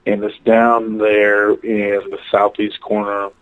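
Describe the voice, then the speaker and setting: A man with a fairly low voice calls in to a radio show, talking in a loose, rambling way full of "uh" and "you know". His voice comes through a thin, tinny phone line. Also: monotone, slow, smooth. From Oklahoma. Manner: rambling, with many fillers. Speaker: caller. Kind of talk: casual call-in chat.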